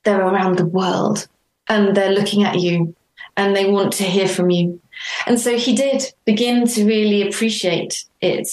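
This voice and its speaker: A middle-aged woman being interviewed, telling her story earnestly and warmly, acting out remembered dialogue. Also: mid-range voice, fairly even intonation, a little slow. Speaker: interview guest. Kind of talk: reflective conversational interview. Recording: roomy echo.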